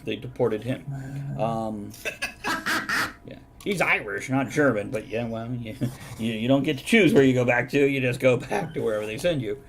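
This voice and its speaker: Sarcastic male streamer host, mid pitch, faint rumble behind. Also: animated, normal speed, vocal fry, a bit bright. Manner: sarcastic, mock-documentary storytelling. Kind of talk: casual chat on a live stream.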